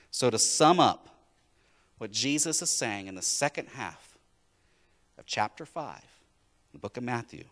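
A man's voice: fairly low pitch, a bit bright, long reverb tail. A male pastor preaching a sermon in a church, emphatic and repeating his key phrases.

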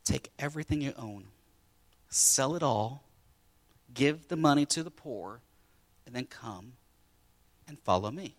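A preacher voicing Jesus in plain casual speech, calm and direct. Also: male voice, mid-range voice, unhurried, long pauses.

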